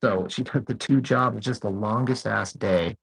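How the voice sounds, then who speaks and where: A young man with a husky, slightly breathy voice talks in a loose, rambling way. He laughs easily and drifts between thoughts. It sounds like it comes through a video call. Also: lowish voice, measured pace, rough recording. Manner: laid-back, laughs often, rambling. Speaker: co-host. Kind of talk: casual chat over a video call.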